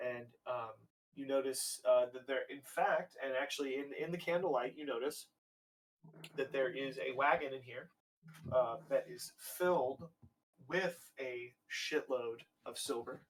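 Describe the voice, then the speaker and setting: A man runs a tabletop game in a loose, rambling way, full of fillers and the odd curse. His voice sits at a middle pitch. He sounds somewhat distant from the microphone. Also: a little slow, slight background noise. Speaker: game master. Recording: voice a bit distant from the mic.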